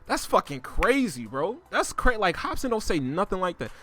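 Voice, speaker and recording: A man casually ranting on his own channel, swearing freely and using slang, his voice climbing higher and louder as he gets worked up. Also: big pitch swings, moderate pace. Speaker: host reviewing rap lyrics. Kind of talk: casual rant.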